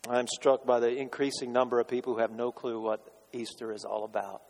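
A man delivers a sermon in a church sanctuary, his voice carrying a long reverb through the hall. He pitches in a middling range and moves between forceful declarations and quiet, pointed questions to the congregation. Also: fairly even intonation, brisk, vocal fry, few pauses. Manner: dramatic, swinging from loud declarations to hushed rhetorical questions. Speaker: pastor.

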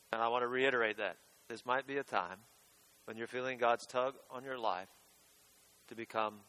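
In a church sanctuary, a pastor with a mid-range, sharp-toned voice preaches a sermon conversationally, addressing his listeners directly. The recording is echoey, with long reverb.

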